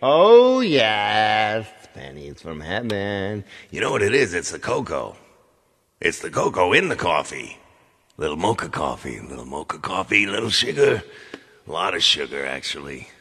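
Gravelly joking man hosting a live stream. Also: sits low, big pitch swings, normal speed, bright, forceful tone, big-room sound. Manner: joking, rambling, playful. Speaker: live stream singer host. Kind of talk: casual live-stream chat.

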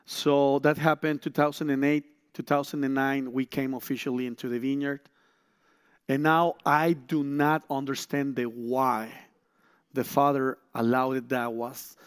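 A man's voice: medium pitch, takes it slowly, long pauses. A middle-aged man, a guest speaker telling a story in a sermon, acting out quotes and restarting phrases. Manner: animated storytelling, frequent restarts and acted-out quotes.

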